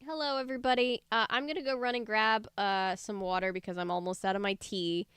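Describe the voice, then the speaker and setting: A woman's voice: medium pitch, fairly even intonation, fairly quick, fairly bright tone, clear, resonant tone, no room sound, clean studio sound. A woman reading a book aloud on a livestream, breaking off for chatty, joking asides. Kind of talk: casual read-aloud livestream.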